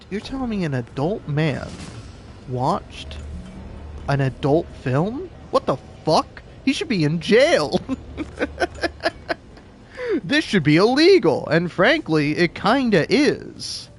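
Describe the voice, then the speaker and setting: A man's voice: fairly high pitch, very animated, slow pace, long pauses, a little hiss or hum. A young adult man ranting casually while gaming, profane and rambling, laughing often and restarting his sentences. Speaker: gaming video creator. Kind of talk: casual rant while playing a game.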